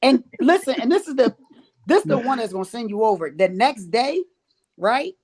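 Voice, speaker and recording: A man, a referee guest on a casual podcast, telling stories in an animated, exasperated way and laughing through them. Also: extremely high pitch, normal speed. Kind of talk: casual storytelling chat.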